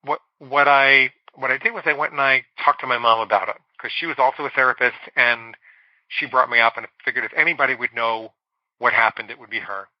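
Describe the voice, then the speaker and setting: A middle-aged man speaks candidly about his own past, leaning on key words and slowing down to stress them. His voice sits in an ordinary middle pitch. The room is dry and close, and the sound is a little dull. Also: no room sound. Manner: candid, confessional storytelling with slow emphatic stretches. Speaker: guest psychologist. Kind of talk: storytelling in a podcast interview.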